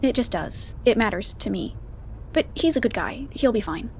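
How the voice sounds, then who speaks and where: A woman's voice: a little high, lively intonation, moderate pace, a little hiss or hum. An actress playing a restless, unsure young woman, speaking hesitantly. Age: young adult. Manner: hesitant, self-doubting.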